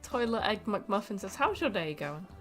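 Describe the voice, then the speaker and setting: A woman's voice: mid-range voice, big pitch swings, moderate pace, soft background music. A woman co-hosting a casual live stream, reading chat messages aloud and teasing her partner in a dry way.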